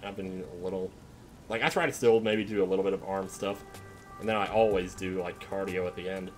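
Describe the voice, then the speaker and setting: A young adult man with a low voice and fairly even intonation talks fairly quickly while streaming a story game, with game music behind him. He chats casually and rambles between bits of play, trailing off with fillers like "like".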